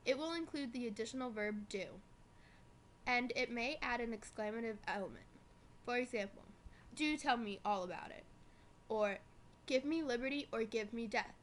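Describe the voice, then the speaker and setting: A young woman reading a school presentation from notes, slowing down on the examples. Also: fairly high pitch, a little hiss or hum. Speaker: student presenter.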